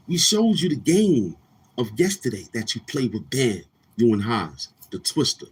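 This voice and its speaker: Brash, husky man ranting as host. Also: mid-range voice, sing-song, unhurried. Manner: brash, trash-talking, repeats words. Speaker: YouTube show host. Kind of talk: boastful morning-show rant.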